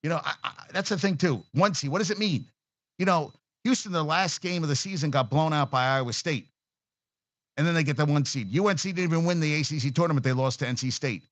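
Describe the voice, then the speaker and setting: A man's voice: fairly high pitch, fast talker, fairly bright tone, no room sound. A man hosting a casual sports talk show, ranting bluntly and profanely with an exasperated edge.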